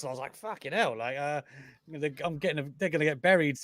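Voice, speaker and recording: A man hosting a podcast, lively and chatty, laughing along with his guest. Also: fairly high pitch, quick pace, no room sound. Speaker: podcast host. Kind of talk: casual podcast chat.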